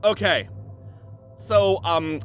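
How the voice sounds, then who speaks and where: Bright-voiced young man, mocking story reading. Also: high voice, drawn-out words, faint music behind. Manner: dry, mocking asides. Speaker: comedic story reader. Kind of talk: sarcastic dramatic reading with commentary.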